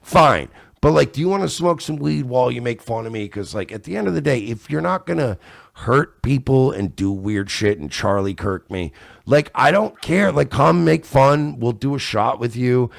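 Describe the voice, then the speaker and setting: A man chatting casually as a podcast guest, animated and fond of acting out other people. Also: medium pitch, moderate pace, gravelly, no room sound, clean studio sound. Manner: animated, acts out others in loud voices. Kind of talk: casual chat.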